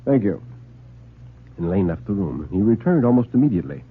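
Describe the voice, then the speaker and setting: A man's voice: low voice, fast talker, breathy edge. Theatrical male radio storyteller. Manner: theatrical, expressive. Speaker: narrator and show host. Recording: tinny old radio broadcast.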